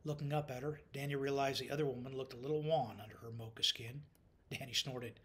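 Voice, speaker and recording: A man reading an audiobook as narrator, in calm, measured scripted narration. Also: medium pitch.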